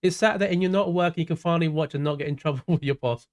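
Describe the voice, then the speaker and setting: A man's voice: fairly high pitch, racing. Chatty South London man streaming. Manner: chatty, greets viewers by name, drifts into mumbled asides. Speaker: sim racing streamer. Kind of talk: casual livestream chat while gaming.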